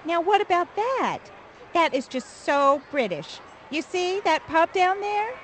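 A woman's voice: very high-pitched, very animated, a little slow, exaggerated voice, rough recording. A young woman with an American accent acting a firm, lecturing newlywed wife in a scripted learner dialogue. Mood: bossy. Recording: background noise.

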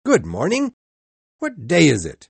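A man's voice: mid-range voice, wildly swooping pitch, a little slow, slightly rough, no echo, voice pushed up, full character voice. Man doing a giddy, laughing old miser. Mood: overjoyed. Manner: laughing, exclaiming, overjoyed. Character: giddy elderly reformed male miser.

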